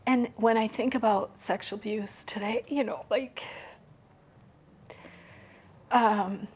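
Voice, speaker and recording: A woman speaking as a podcast guest in an open, personal conversation. She talks softly and haltingly and often drops to a hushed near-whisper. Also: mid-range voice, fairly even intonation, husky.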